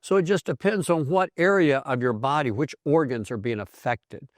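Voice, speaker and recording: An older male doctor telling his own health story in a conversational way, animated and acting out the voices of the people in it. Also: a little high, normal speed, no echo, studio quality. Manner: animated storyteller who acts out quoted voices. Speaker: physician host.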